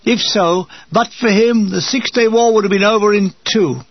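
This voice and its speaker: An older man from England reading a war memoir aloud with a dry, wry comic delivery and a gravelly, husky voice. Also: sits high, normal speed, dry recording, dull audio. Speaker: narrator.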